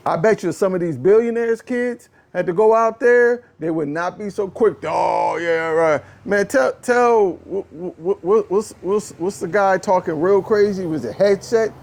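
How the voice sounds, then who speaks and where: A man hosting a casual political talk show, ranting in an animated, exasperated way, often repeating phrases and swinging from low muttering to a raised voice. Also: moderate pace, hardly any pauses. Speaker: podcast host. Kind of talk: casual political commentary rant.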